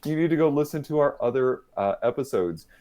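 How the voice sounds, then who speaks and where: A man's voice: mid-range voice, animated, fairly quick, mellow. A man hosting a livestreamed podcast over a video call, playful and self-mocking, laughing often as he chats. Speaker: podcast host. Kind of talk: casual livestream podcast chat.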